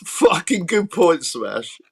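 A man hosting a casual live stream, speaking in a halting way and thanking subscribers. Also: on the high side, very animated, vocal fry, husky. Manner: hesitant, halting, fond of fillers. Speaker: livestream host.

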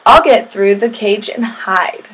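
A woman's voice: mid-range voice, takes it slowly, fairly bright tone, husky. A woman voicing a shy but clever young boy who answers earnestly.

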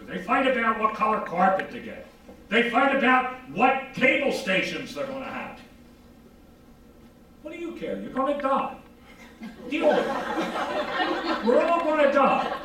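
A man giving an informal psychology lecture, animated, asking rhetorical questions and answering them himself. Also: extremely high pitch. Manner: acts out quoted dialogue. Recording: very echoey room from far off.

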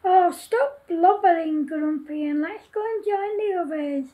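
A woman's voice: very high-pitched, unhurried, phone-quality sound. A woman voicing a cheeky schoolboy who teases his friend bluntly. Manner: joshing, blunt.

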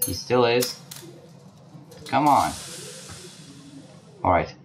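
A man giving let's play commentary, talking to the game characters and breaking into panicked shouts. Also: medium pitch, expressive, very slow, soft background music. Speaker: gaming channel host. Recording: clear background noise.

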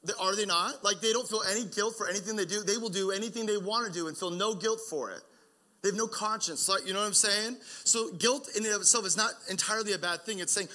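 A man's voice: high voice, fast, sharp tone. A young adult man preaching a sermon as pastor, earnest and conversational, often restarting his sentences.

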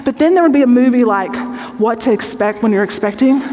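Woman Bible teacher, forties, fairly high voice, candid testimony sermon, long hall reverb. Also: brisk, darkish tone. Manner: earnest and conversational, checks in with the audience. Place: large hall with an audience.

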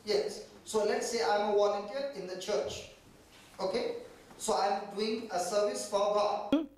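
A man's voice: sits high, measured pace. A man preaching a conversational sermon to a church meeting, teasing the congregation with questions.

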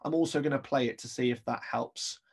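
A man with an English accent teaching a recorded remote music lesson. His voice is gravelly and a little husky, and he explains each point step by step, counting beats aloud as he goes. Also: medium pitch, a little fast.

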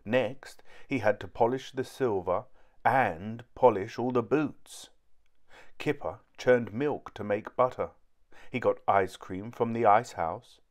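Man, storybook narration, low voice, very slow. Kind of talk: reading a children's book aloud.

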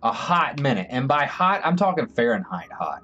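Excitable joking male game streamer. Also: mid-range voice, normal speed, dull audio, slight background noise. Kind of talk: live gameplay commentary.

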